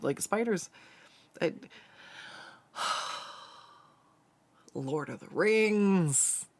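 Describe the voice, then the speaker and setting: Streamer, casual chat on stream, giggly and rambling, slight fry, dry close sound. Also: mid-range voice, a bit bright, dry recording. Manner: rambling and giggly, many fillers and restarts.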